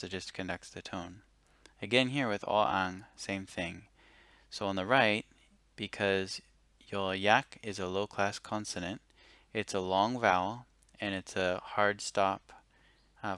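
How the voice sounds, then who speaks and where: A man giving a casual, step-by-step language lesson, relaxed and correcting himself now and then. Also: fairly low pitch, no echo. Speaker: language teacher.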